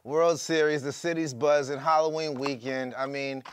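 A man's voice: fairly high pitch, fairly even intonation, normal speed, a little hiss or hum. A man co-hosting a football betting show, making upbeat picks from his gut. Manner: enthusiastic, gut-driven. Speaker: co-host. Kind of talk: casual sports betting chat.

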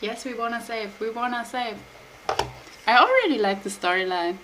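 A woman's voice: on the high side, animated, moderate pace, background noise. A woman streaming a video game, chatting casually and reading its dialogue aloud in an amused way. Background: game music.

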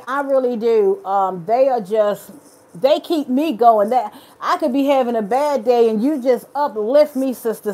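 A woman's voice: fairly high pitch, a little mellow. A woman hosts a casual live stream. She reads out viewers' comments and answers them directly, earnest and encouraging.

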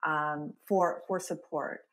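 A woman's voice: low-pitched, fairly even intonation, slow pace, fairly bright tone. A woman hosting an interview, encouraging her guest and recapping the story back to her. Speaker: podcast host, interviewer. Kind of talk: conversational interview.

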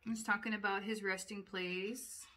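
A woman's voice: medium pitch, little pitch movement, a little slow, pushed and bright. A woman casually talking through a book, reading captions aloud and adding her own chatty comments full of "like.". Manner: chatty, uses many "like" fillers. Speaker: book reviewer.

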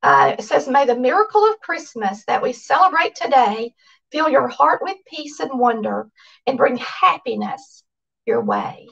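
A Southern woman hosting a cooking channel, chatting casually and excitedly to her viewers as she reads their cards aloud. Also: high voice, unhurried, creaky, far from the mic, muffled recording.

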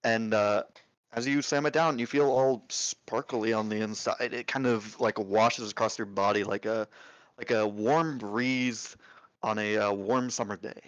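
A man narrating a tabletop game as game master, describing scenes with many pauses and fillers. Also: fairly low pitch, steady tone, dry recording. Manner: hesitant, filler-heavy description.

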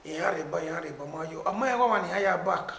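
A man's voice: high-pitched, fast talker, vocal fry, slight background noise. A man with a Nigerian accent, a musician talking animatedly in a casual conversation. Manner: animated, mixing pidgin and Edo. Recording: echoey room.

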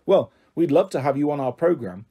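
A man's voice: fairly high pitch, expressive, brisk, mellow, husky. A man voicing a friendly, upbeat TV researcher who speaks chirpily and encouragingly in a storybook reading. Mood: chirpy.

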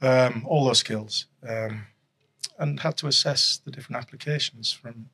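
A man's voice: medium pitch, normal speed, sharp tone, slightly rough. A middle-aged man, a guest telling rambling stories in a casual chat, chuckling and restarting often. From Yorkshire, England. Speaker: guest, former rugby league coach and official.

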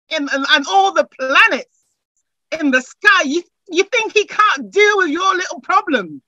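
A woman's voice: extremely high pitch, dry recording, low-quality recording. A woman preaching a sermon, building from chatty asides to fervent, repeated declarations. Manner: rising to fervent shouts, repeating phrases.

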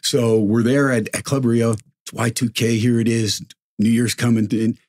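A middle-aged sportscaster telling stories in casual chat, acting out the voices of people in them. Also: male voice, mid-range voice, moderate pace, no room sound, clean studio sound. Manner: animated storyteller, acts out quoted voices. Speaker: sportscaster guest. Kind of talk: casual storytelling.

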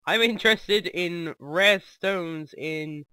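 A man doing a pompous young video game champion who collects rare stones. He stretches every word slowly and grandly in a deliberately silly way. His tone is bright and pitched a little high. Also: clean tone, no echo, full character voice. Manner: slow, drawn-out, deliberately silly delivery.

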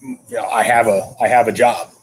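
Relaxed man answering interview questions. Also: lowish voice, slightly rough, rough recording. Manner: relaxed, halting with fillers. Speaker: guest, former wrestler.

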